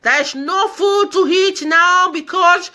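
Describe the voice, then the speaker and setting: A woman's voice: very high voice, takes it slowly, bright, forceful tone, exaggerated voice. A woman in a comedy skit playing a fussy elderly mother who pleads and wails, with a squawky, cracked voice. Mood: pleading. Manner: pleading, repetitive, wailing complaints. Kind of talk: comedy skit, live video.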